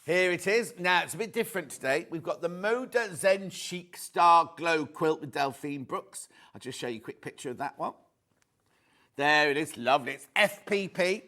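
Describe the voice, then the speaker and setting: A man's voice: fairly high pitch, moderate pace, pushed and bright. A middle-aged man presenting live on a shopping channel, chatting and reading out viewer messages.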